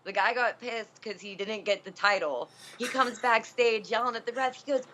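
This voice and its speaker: A woman wrestler being interviewed, telling a story in a loose, animated way with plenty of "um" and "like" fillers. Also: on the high side, normal speed, a little hiss or hum. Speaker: wrestler guest. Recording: dull lo-fi recording.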